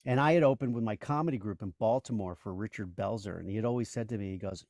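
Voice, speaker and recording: Gravelly low-voiced man telling stories. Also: quick pace, few pauses, a little mellow, dry recording, clean studio sound. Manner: rambling storyteller, full of "you know" and restarts. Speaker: guest, voice actor and comedian. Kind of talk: casual interview chat.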